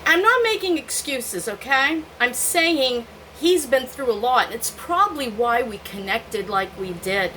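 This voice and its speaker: A woman's voice: fairly high pitch, animated, measured pace, few pauses, pushed and bright, a little hiss or hum, poor audio. An older woman vlogging, telling candid stories from her own life and often laughing at herself. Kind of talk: personal storytelling to camera.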